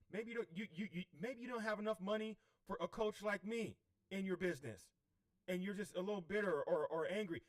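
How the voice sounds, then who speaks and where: A man coaching on spiritual healing in a livestream, preachy and repeatedly checking in with "okay?". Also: high voice. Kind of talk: livestream teaching.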